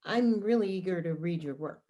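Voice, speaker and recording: A woman's voice: on the low side, moderate pace, dark tone, lightly acted. A woman playing an encouraging, polite theatre administrator in a remote play reading over a video call.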